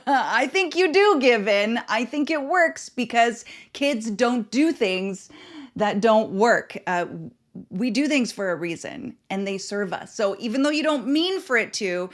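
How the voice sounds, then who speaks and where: A woman's voice: on the high side, animated, unhurried. A woman hosting a parenting podcast, giving earnest, instructive advice in short emphatic phrases.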